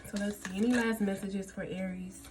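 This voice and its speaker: A woman's voice: mid-range voice, fairly even intonation, fairly quick, background noise. A woman giving a casual tarot reading to her viewers, effusive and emotional, often checking in with "okay?" and "y'all". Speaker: tarot reader.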